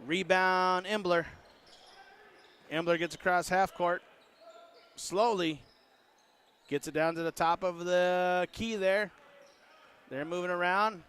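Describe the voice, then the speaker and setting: A man giving casual play-by-play of a high school basketball game, joking and voicing what the players might be saying. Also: steady tone, slow pace, long pauses, fairly bright tone, clean tone. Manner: joking, voices the players' imagined words. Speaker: play-by-play announcer. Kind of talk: casual sports commentary.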